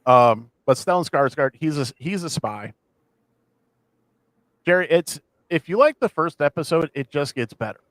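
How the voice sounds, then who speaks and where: A man co-hosting a casual podcast, rambling with many restarts as he excitedly retells scenes. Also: a little high, normal speed, no echo. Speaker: podcast co-host. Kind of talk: casual chat.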